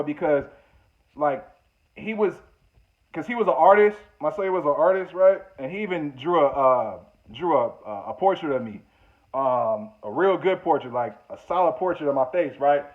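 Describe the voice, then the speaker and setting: A man casually telling a personal story, conversational and full of restarts. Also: on the high side. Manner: conversational, many fillers and restarts. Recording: tinny phone-like audio.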